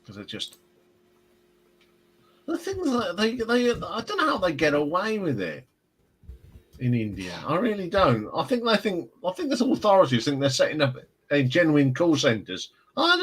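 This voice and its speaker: Chatty man, lively pitch. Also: moderate pace, slightly rough, poor audio. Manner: rambling, chatty storyteller with restarts. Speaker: livestream host. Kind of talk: casual live chat.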